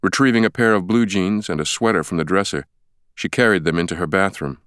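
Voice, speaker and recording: A deep male voice reads an audiobook with steady, measured pacing. His tone is smooth and resonant, recorded close and completely dry. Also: no echo. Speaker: audiobook narrator. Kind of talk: scripted audiobook narration. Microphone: close studio mic.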